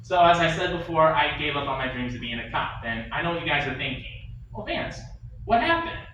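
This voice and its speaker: A man's voice: fairly high pitch, steady tone, fast, bright, forceful tone, highs cut off, slight background noise. A man doing a stand-up comedy set in a bar, telling a story with chatty asides to the audience. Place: bar and grill stage. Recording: echoey bar room, distant mic.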